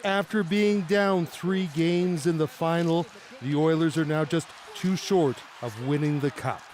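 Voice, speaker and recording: A man narrating a news report in a steady, scripted voice-over. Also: a little high, measured pace, background noise.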